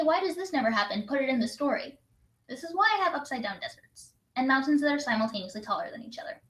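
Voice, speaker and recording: Young woman, casual writing-session host, giggly, echoey room. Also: sits high. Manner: bubbly, quick to laugh, reads prompts aloud. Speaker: write-in co-host. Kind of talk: casual livestream chat. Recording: roomy echo.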